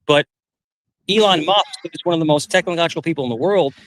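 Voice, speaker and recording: A man with a fairly high voice taunts his opponent on a live video-call panel, repeating the same jabs in a mock-calm tone. His sound is dry and close, with no room around it. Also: fast talker, no room sound. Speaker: panel guest. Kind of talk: heated argument on a live panel.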